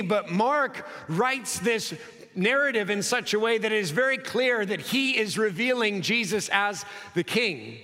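A man preaching an expository sermon, acting out the dialogue and dropping low and slow for emphasis. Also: expressive, pushed and bright. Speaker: pastor. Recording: long hall reverb.

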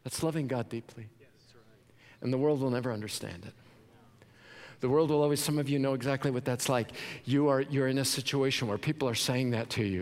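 A man's voice: medium pitch, fairly quick. Emphatic preacher man in a reverberant hall. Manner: emphatic, repeats words for stress. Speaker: pastor. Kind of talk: sermon. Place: large church sanctuary.

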